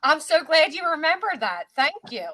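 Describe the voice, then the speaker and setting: A woman's voice: high voice, very animated, moderate pace, bright, forceful tone, dry recording. A woman hosting a casual livestream, talking in an indignant, ranting way. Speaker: livestream host.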